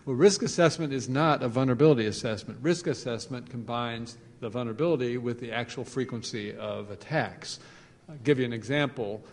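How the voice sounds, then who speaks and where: A man giving a conference presentation, animated, with joking asides and phrases repeated for emphasis. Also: mid-range voice. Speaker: conference speaker. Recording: long reverb of a large hall.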